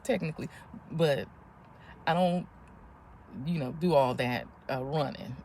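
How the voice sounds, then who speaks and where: A woman in her fifties telling a story in a casual, animated vlog, often breathless and laughing as she talks. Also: on the low side, a little hiss or hum. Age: 50s. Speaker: vlogger.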